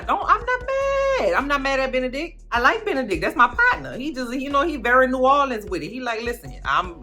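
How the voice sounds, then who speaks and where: A woman chatting through a TV recap in a slangy, rambling, animated way. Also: lowish voice. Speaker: recap vlogger. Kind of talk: casual TV recap chat.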